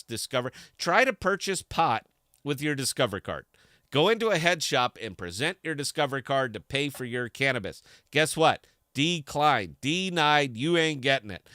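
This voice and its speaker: A man's voice: mid-range voice, bright, forceful tone, no room sound, clean studio sound. A man hosting a livestream podcast in casual chat, fired up and blunt, with salty language. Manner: fired-up, blunt, profane ranting. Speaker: podcast host.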